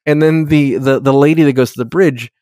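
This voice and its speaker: A man's voice: medium pitch, fairly even intonation, fairly quick, dark tone, no room sound, studio quality. A man in his thirties in casual podcast chat, rambling and swearing as he recaps a TV episode and acts out the characters' lines. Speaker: podcast co-host.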